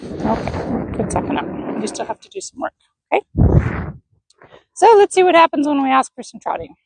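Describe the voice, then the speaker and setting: A woman horse trainer talking through a training session, praising and coaxing the horse in a soft, encouraging voice. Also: high voice, very animated, fairly quick, no echo, rough recording. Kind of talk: live commentary while training a horse.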